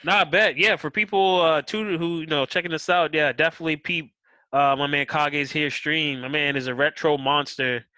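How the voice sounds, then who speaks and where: Host man, bright voice, slangy hesitant chat, dry close mic. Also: a little high, steady tone, moderate pace, dry recording, poor audio. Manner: hesitant, filler-heavy, slangy. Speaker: podcast host. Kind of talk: casual podcast chat.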